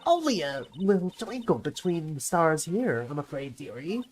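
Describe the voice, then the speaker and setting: A nosy old woman guarding a studio gate, croaky and scolding, her pitch jumping high and swooping all over, as a man with a sore throat puts her on. She rambles about the old days in a game voiceover. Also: very animated, moderate pace, faint music behind. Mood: reminiscing. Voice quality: croaky put-on old-lady voice.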